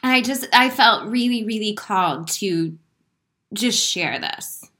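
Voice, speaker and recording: An emotional woman speaks straight to her viewers in a spiritual, motivational talk. Her pitch sits at an ordinary middle height. She is earnest and heartfelt, swears casually and laughs through her feelings. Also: lively intonation, takes it slowly, pushed and bright. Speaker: inspirational speaker.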